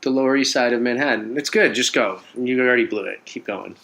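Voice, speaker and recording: A man's voice: medium pitch, fairly quick, gravelly, a bit bright. A man co-hosting a podcast in casual banter, answering with dry, deflecting retorts and laughing often. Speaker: podcast co-host.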